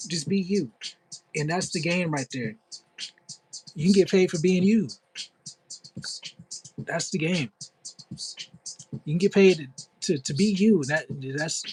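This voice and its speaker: A man's voice: fairly high pitch, measured pace, pauses often, a little mellow, a little hiss or hum, rough recording. A middle-aged man, a content creator and actor, talking casually on a livestream in an upbeat, chatty way, full of "like" and "you know". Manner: answers live chat comments.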